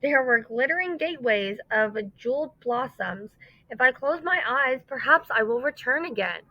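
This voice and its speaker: A drowsy, grumpy old man who grumbles his words, as a woman reads his part aloud. The voice stays rather high for an old man, and the recording is dull and dry. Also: expressive, moderate pace, dry recording. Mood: grumbling.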